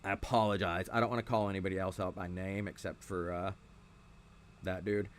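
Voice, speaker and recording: A man's voice: deep voice, level tone, a little fast, slight background noise. A man hosting a podcast, ranting casually with constant swearing and irritation. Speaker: podcast host.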